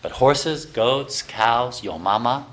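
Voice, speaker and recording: A man giving a lively health lecture to a class of students, teasing his listeners and firing rhetorical questions at them. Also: medium pitch, slow pace. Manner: animated, teasing, full of rhetorical questions to the audience. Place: talking to a live class of students.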